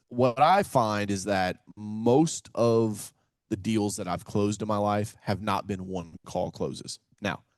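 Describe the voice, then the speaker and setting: Man from Kentucky, energetic, folksy, animated storyteller, dry close sound. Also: lowish voice, no echo. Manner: energetic, animated storyteller who acts out phone calls; folksy, says "man" and "right?" often. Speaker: guest, real estate investor and author. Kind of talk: casual podcast interview.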